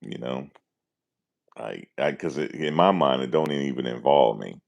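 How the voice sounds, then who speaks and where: A man, talking casually and deadpan to his viewers, musing and repeating himself in slangy speech. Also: rumbling low, unhurried, creaky. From New Jersey, USA. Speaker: vlogger. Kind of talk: casual rambling monologue.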